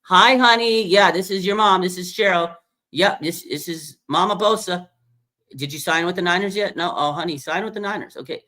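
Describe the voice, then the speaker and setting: A man putting on a doting, nagging mom's high voice. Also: moderate pace, sharp tone. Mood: pleading. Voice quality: high, sing-song. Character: doting mother nagging her son on the phone.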